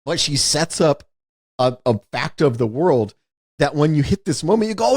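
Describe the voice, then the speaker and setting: A man's voice: on the high side, sing-song, moderate pace, dry recording, studio quality. A man co-hosting a podcast, talking casually about a film, often restarting sentences and acting out quoted lines. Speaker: podcast co-host. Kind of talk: casual movie discussion.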